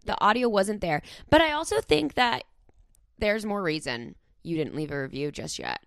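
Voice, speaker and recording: A woman co-hosting a podcast in casual chat, quick with jokes and banter. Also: mid-range voice, very animated, vocal fry, clean tone, no room sound, clean studio sound. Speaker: podcast co-host.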